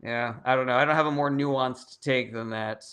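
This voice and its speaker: Reading viewer comments aloud, a political livestream host fields questions in a loose Q&A, blunt and cursing frequently. He speaks at a moderate pace in a steady, medium-pitched voice that's a bit bright and clean.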